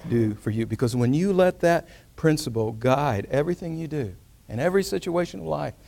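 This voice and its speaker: A man delivers a sermon in a slightly high voice. He tells a story and moves between loud, emphatic rises and hushed, quiet drops. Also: animated, brisk, creaky. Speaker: pastor.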